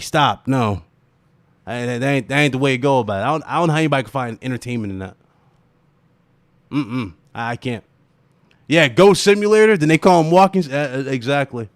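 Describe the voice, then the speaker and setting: A man hosting a gaming livestream, ranting and laughing in animated, profane casual chat. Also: medium pitch, no room sound, studio quality.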